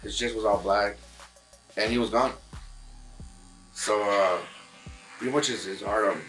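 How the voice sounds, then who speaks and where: A man's voice: fairly low pitch, a little slow, fairly bright tone, faint music behind, poor audio. A man, a guest musician in casual chat in a barbershop, telling a long story with many fillers and restarts.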